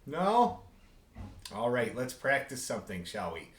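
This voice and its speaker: A man's voice: mid-range voice, wildly swooping pitch, unhurried, roomy sound. A man teaching a beginner fiddle class over a video call, chatty and rambling with chuckling asides. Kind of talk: online group music lesson.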